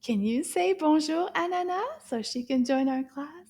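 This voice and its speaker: A woman's voice: sits high, lively intonation, moderate pace, darkish tone. A middle-aged woman teaching a children's French lesson, with exaggerated gasps and frequent half-whispered lines.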